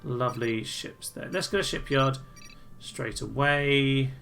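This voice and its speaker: A man talks through his strategy game in a relaxed, chatty way, tossing in cheery little asides and poking fun at himself. His voice is bright and sharp, with a gravelly edge. Game music plays faintly under him. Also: medium pitch, slow. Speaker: gameplay commentator. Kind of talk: casual let's-play commentary.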